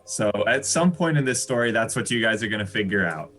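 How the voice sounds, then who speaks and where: A man improvising a rambling comedy story on a live stream, animated and laughing at his own jokes. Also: on the low side, fairly quick, faint music behind.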